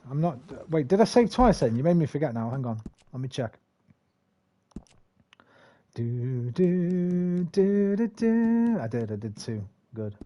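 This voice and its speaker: A man's voice: medium pitch, fairly quick, few pauses, dark tone, lo-fi sound. A man in his forties from England, rambling and swearing while chatting over a game. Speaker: gaming streamer. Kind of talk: casual gameplay commentary.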